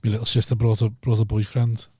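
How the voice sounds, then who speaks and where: A man's voice: on the low side, monotone, fast talker, a little mellow, breathy edge, no echo, clean studio sound. A man, co-hosting a podcast and telling stories with lots of swearing and acted-out quotes. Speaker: podcast co-host. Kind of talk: casual chat.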